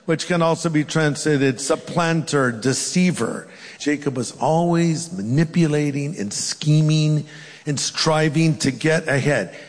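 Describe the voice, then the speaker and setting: A man preaching a sermon as a pastor, telling the story lively and acting out the characters' voices. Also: fairly high pitch, in a large hall.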